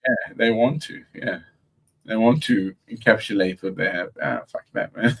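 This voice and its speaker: A man's voice: fairly low pitch, moderate pace, slightly rough. A man from South Africa with a South African accent, chatting casually and loosely, full of slang and swearing. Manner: laid-back, swears, slangy. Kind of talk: casual chat.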